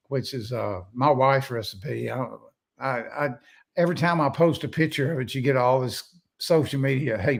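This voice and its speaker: A man's voice: medium pitch, creaky. Folksy older man telling stories. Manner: folksy, rambling, self-interrupting. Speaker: guest. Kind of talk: casual storytelling.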